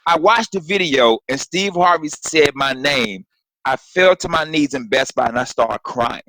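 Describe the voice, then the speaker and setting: A man and guest comedian telling a story in casual, animated chat on a remote call, swearing and acting out voices. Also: a little high, a little slow, no room sound, rough recording. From Florida. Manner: animated, profane, acts out voices.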